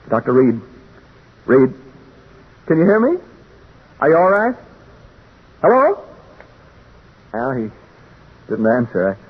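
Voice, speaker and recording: A jittery male radio announcer rambles and stammers, his husky voice swinging up and down. The sound is tinny, like an old 1940s radio drama broadcast. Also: medium pitch. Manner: rambling, stammering, nervous laughter. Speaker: radio announcer in a haunted house.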